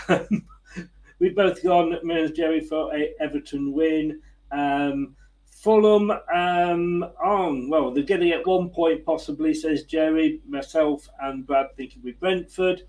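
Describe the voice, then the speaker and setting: A man's voice: on the high side, measured pace, darkish tone, rough recording. A man hosting a casual football chat, chatty and laughing easily. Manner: chatty, laughing, frequent fillers. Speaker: host.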